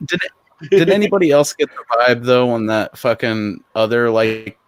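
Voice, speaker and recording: A man's voice: mid-range voice, normal speed, smooth, dry recording. A man co-hosting a casual movie chat, crude and profane, laughing through his lines. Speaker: podcast co-host.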